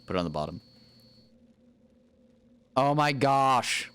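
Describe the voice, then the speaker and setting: A man with a mid-range, fairly bright and clean voice talks slowly, his pitch swinging widely. He's streaming a video game with his wife, playfully chatting, narrating his actions and humming nonsense tunes as casual commentary.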